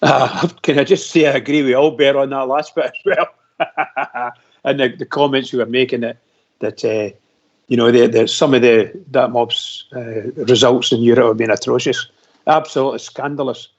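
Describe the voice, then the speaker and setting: A man calls in to a radio phone-in for a casual chat, speaking at a moderate pace in a steady, medium-pitched voice. He rambles emphatically, and the phone-in audio is muffled and lo-fi.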